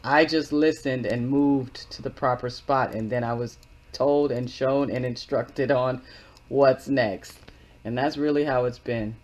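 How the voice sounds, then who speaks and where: A man's voice: medium pitch, fairly even intonation, unhurried. A man in his living room, giving rambling, earnest commentary between readings of scripture as the host of his own channel. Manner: earnest, rambling, repeats words while explaining. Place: living room with wooden walls.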